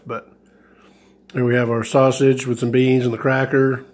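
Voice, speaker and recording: A man's voice: mid-range voice, little pitch movement, measured pace. A man hosting a casual food review vlog, talking in a hesitant, rambling way with many fillers and restarts. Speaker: ration review vlogger.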